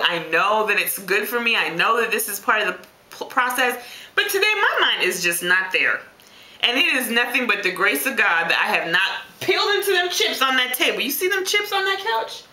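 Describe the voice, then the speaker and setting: A woman venting to her camera in a casual vlog, her voice swinging wildly up and down as she tells the story. Her tone is bright and ringing, and the room around her gives back a clear echo. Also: medium pitch. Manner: animated, exasperated storytelling with big swings. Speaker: vlogger. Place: home room.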